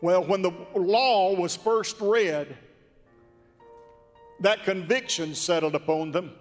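A man preaching a sermon in a folksy, drawn-out, emphatic way. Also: high voice, long reverb tail, soft background music. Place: church sanctuary.

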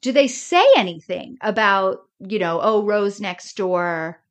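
A woman co-hosting a TV podcast in casual chat, animated and laughing often as she retells scenes. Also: mid-range voice, a little slow. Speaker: podcast co-host.

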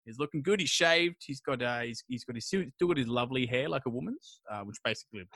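A podcast host, a man, retelling an old epic in a rambling, crude, jokey way, slipping into quick voices for the characters. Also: medium pitch, expressive, fairly bright tone, dry recording. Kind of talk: casual storytelling chat.

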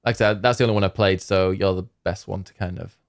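A man's voice: sits low, fairly even intonation, fast talker. A man co-hosting a casual podcast chat, teasing his partner and reading out award nominees. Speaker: podcast co-host.

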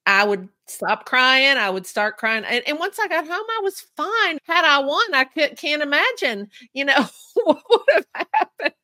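A woman's voice: high voice, big pitch swings, measured pace, pushed and bright, no echo, studio quality. A woman hosting a podcast, chatting casually with a guest and laughing often. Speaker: podcast host.

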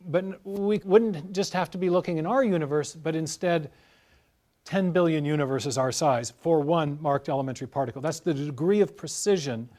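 Measured man explaining at length. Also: a little high, darkish tone. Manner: measured, explanatory, tells illustrative stories. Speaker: guest scholar. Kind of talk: explanatory interview talk.

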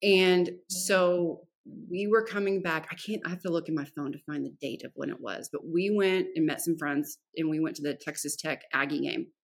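Low, husky-voiced woman telling her story. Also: normal speed, few pauses. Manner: frank and animated, acts out quoted dialogue, swears casually. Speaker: podcast guest. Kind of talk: candid personal storytelling.

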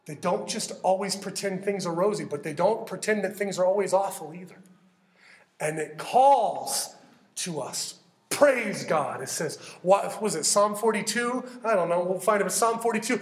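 A man preaching a sermon, animated and conversational, acting out heartfelt prayers as he teaches. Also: high voice, moderate pace, reverberant. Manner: animated, acts out prayers in character. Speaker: pastor.

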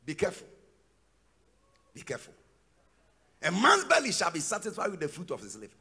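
A man with a Ghanaian accent preaching a sermon in church, breaking into shouts and sing-song cadences. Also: high-pitched, huge pitch swings, a little fast, breathy edge. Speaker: pastor.

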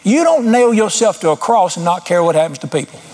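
A man's voice: high voice, sing-song, a little fast, a little mellow. A middle-aged man preaching an informal sermon, folksy and blunt, with sudden emphatic rises.

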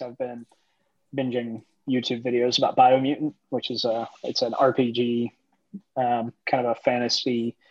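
A podcast co-host talking in a relaxed, hesitant way, full of ums and likes. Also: medium pitch, dry recording. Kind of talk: casual podcast chat. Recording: dry, dull lo-fi audio.

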